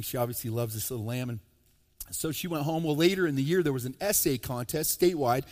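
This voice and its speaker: A slightly high-voiced man preaches a sermon in a church sanctuary, animated and quick to joke. He swings between loud, emphatic lines and soft, low asides. His voice trails off into the long reverb of a large hall. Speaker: pastor.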